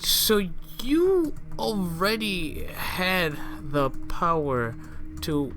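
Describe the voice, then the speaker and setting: Slow, musing male game streamer. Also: a little high, big pitch swings, fairly bright tone, faint music behind. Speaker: gameplay streamer. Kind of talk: casual let's-play commentary.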